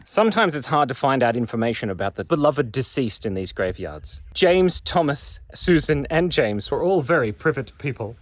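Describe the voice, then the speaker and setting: A man's voice: fairly high pitch, dry recording. A man telling a stream of puns to the viewer as he walks through an outdoor cemetery in a playful vlog. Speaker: vlogger. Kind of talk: joke-filled walking vlog.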